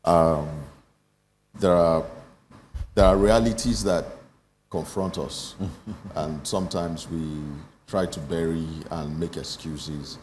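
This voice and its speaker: A man speaking as a panel guest, measured and hesitant, restarting his phrases. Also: low-pitched, steady tone, darkish tone, slight background noise. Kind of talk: panel discussion.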